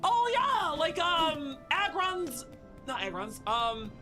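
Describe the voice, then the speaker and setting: Young woman, game streamer, excitable, shouty, high voice, very animated. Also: slow, over music. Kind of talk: live gameplay commentary.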